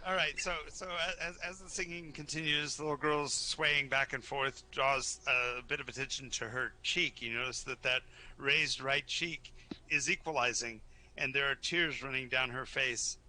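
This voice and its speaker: Bright, stammering game master man. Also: mid-range voice, fairly even intonation, normal speed. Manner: stammering, repeats words, storytelling. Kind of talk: narrating a live tabletop game.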